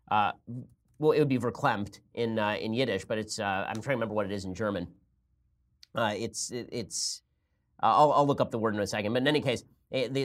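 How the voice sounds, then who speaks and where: A man hosting a podcast, talking at length in a conversational, explaining way. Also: mid-range voice. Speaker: podcast host. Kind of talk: political commentary podcast.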